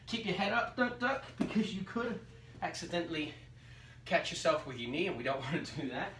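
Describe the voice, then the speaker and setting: A man's voice: fairly high pitch, a little fast. Breathless male teacher in an echoey room. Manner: counts reps aloud while exercising, encouraging. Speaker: phys ed teacher. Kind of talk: demonstrating exercises for students. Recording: roomy echo, distant mic, faint background noise.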